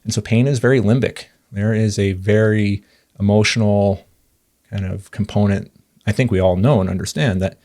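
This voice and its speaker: A man's voice: fairly low pitch, warm tone. A man, a physical therapist in his thirties, talking through patient experiences in a thoughtful, earnest podcast monologue with frequent fillers and restarts.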